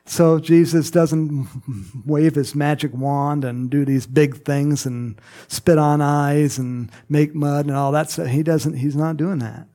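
A man preaching a sermon in a slow, conversational way, laughing and putting on playful mock voices. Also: fairly high pitch, steady tone, warm tone.

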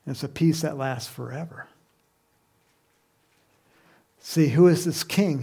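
A man's voice: on the high side, normal speed, creaky, dark tone, breathy edge. A man preaching a sermon in a conversational way, often asking his listeners questions. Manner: conversational, asks the congregation questions, laughs.

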